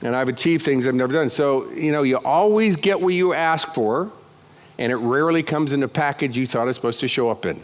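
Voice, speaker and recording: A man giving a live motivational keynote speech on a conference stage, energetic and joking, with crude asides. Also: medium pitch, fairly quick. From United States. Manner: energetic, jokey, crude asides, acts out characters. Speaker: motivational speaker.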